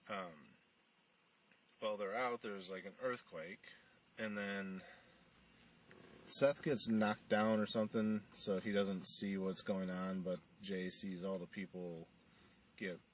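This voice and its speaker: A man's voice: low voice, fairly even intonation, unhurried, fairly bright tone, distant mic, a little hiss or hum. A man casually retelling a movie's plot, rambling with lots of fillers and acting out the characters' lines. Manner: rambling, full of fillers and you-knows, acts out quotes.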